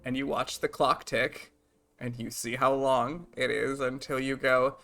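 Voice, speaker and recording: Young woman streamer, playful and jokey, lowish voice, chatting on mic. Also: fairly even intonation, unhurried, vocal fry, a bit bright, faint music behind. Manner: playful, joking, bursts of laughter. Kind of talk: casual stream chat.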